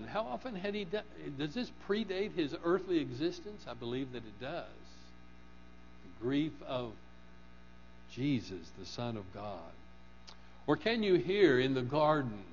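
A man preaching a sermon in an earnest manner, rising to fervent emphasis and dropping low on key phrases. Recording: dull lo-fi recording with mains hum.

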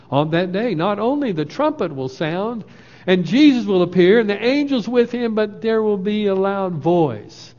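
A man's voice: fairly high pitch, darkish tone. A man preaching a sermon, emphatic, acting out the quoted lines with a rising voice. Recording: long hall reverb, dull lo-fi sound.

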